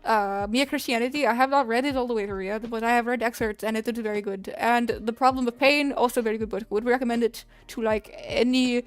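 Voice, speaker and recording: Woman streamer doing a hammy mock-Russian lady with a thick fake accent and broken grammar, slightly high. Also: fairly even intonation, clean tone, dry recording, soft background music, close to an everyday voice. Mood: earnest. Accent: put-on bad Russian accent. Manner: broken grammar, slow deliberate delivery. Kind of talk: streamer reading chat in character.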